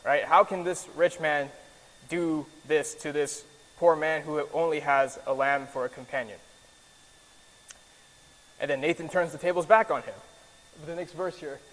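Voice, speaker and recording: A man's voice: a little high, steady tone, measured pace, pauses often, fairly bright tone. A man teaching a Bible lesson as a preacher, in a casual, earnest way with many fillers and restarts. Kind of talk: conversational sermon with slides. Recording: long hall reverb.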